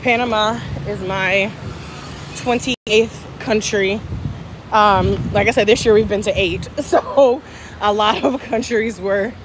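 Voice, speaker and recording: A woman's voice: medium pitch, takes it slowly, background noise. A middle-aged woman from the South, chatting casually with livestream viewers while walking outdoors, joking and answering their comments. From Southern United States. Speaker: travel vlogger. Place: city street outdoors with traffic. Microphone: phone held at arm's length.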